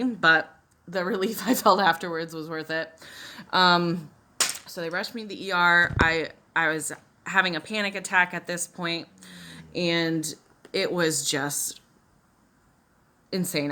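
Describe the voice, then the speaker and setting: A woman's voice: on the low side, steady tone, normal speed, pushed and bright, a little hiss or hum. A young woman vlogging as she does her makeup, telling a personal story in a chatty, emotional way with many fillers and restarts.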